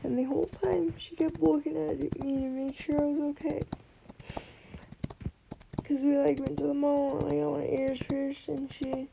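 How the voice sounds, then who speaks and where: A woman's voice: sits high, flat delivery, moderate pace, vocal fry, background noise. A young woman telling an emotional personal story, rambling with restarts and quoting what others said. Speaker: vlogger.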